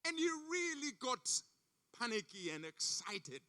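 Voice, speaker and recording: A man's voice: very high-pitched, big pitch swings, unhurried, sharp tone. A man from Africa giving a sermon as a guest preacher, telling stories with emphatic repetition. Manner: emphatic storytelling, repeats phrases. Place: church service.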